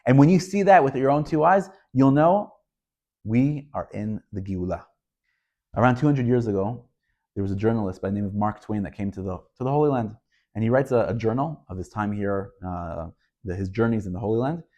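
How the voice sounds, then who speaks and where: Emphatic rabbi giving a Torah lesson. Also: male voice, fairly low pitch, a little fast, mellow. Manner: emphatic, asks rhetorical questions; storytelling delivery. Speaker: rabbi teaching.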